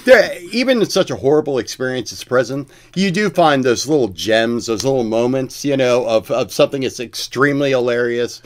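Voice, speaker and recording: A man's voice: medium pitch, lively intonation, fairly quick, few pauses. A man chatting casually as a guest, joking in a wry way. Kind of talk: casual conversation.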